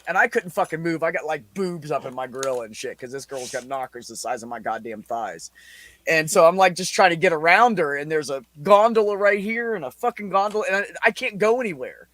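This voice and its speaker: A man in his forties hosts a podcast, his voice a little high with no echo. He tells a story in casual, heavily profane chat, animated and breaking into laughs.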